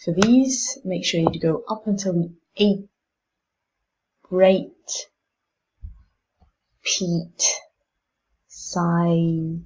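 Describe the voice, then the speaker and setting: Woman teacher, slow and careful, lowish voice, muffled lo-fi recording. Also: a little mellow. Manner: demonstrates vowel sounds, slow and deliberate. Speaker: English pronunciation teacher. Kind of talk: casual instructional talk.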